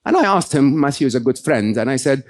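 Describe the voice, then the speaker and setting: A man's voice: mid-range voice, animated, quick pace. A man giving a conversational motivational talk to a live audience, often checking in with "okay?" and "right?". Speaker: keynote speaker.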